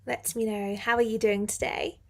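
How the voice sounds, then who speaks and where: A woman's voice: fairly high pitch, flat delivery, normal speed, slight background noise. A young woman hosting a live English class, chatty and encouraging as she reads out viewers' comments. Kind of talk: live-stream English lesson.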